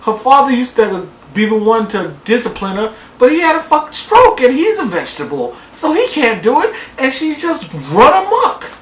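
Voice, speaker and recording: A woman reviewing a TV show in a casual vlog, talking in a loud, profane way and mocking people with put-on voices. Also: fairly high pitch, moderate pace, hardly any pauses, echoey room, distant mic, a little hiss or hum, poor audio. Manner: animated, profane, mocks people by quoting them in put-on voices.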